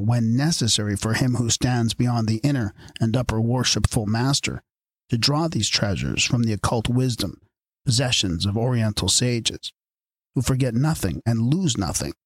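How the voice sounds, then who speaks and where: A man's voice: mid-range voice, breathy edge, no echo, lightly acted. A man reading aloud as the solemn spokesman of a secret order, delivering formal pronouncements. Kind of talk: audiobook reading.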